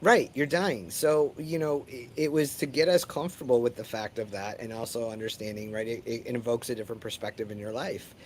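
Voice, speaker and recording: A man's voice: mid-range voice, fairly quick, few pauses, a little mellow, slight background noise. A man hosting a casual chat, reflective and coaching in tone, often checking in with his listener. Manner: reflective, coaching, often asks "you know what I mean". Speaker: host.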